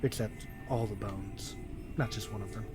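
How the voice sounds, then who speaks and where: A man voicing a menacing forgotten god of the dead, taunting and slow, in a tabletop game. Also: on the low side, steady tone, over loud music, voice pushed down, lightly acted.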